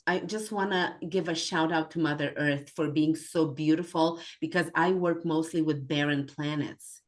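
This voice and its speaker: A woman who works as a hypnotherapy practitioner, making calm, measured remarks in a group chat. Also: low-pitched. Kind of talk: casual group talk.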